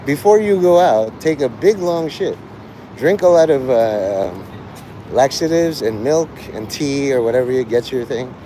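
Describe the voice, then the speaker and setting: Man, live streamer, crude sardonic rambling, animated voice, noisy street. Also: mid-range voice, a little slow.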